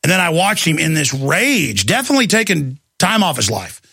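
A middle-aged man hosting a talk show, telling a heated story in a fast-shifting rant and acting out other people's voices. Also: on the high side, very animated, creaky, pushed and bright, breathy edge, no room sound, studio quality. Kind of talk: ranting monologue.

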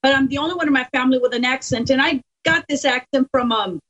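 A high-voiced woman talks with an earnest, emphatic push, her Californian accent coloring every phrase. She is a Spanish-speaking guest from the border country, and her voice comes through dull and muffled. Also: quick pace, a bit bright. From Mexico–Texas border. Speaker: political guest. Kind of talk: casual interview talk. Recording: muffled lo-fi audio.

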